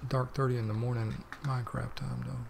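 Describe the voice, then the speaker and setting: A man's voice: medium pitch, flat delivery, brisk, creaky, background noise. A man hosting a let's play, chatting casually to himself as he plays and drifting between the game and personal tangents. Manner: rambling, talks to himself while playing. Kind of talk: casual gameplay commentary.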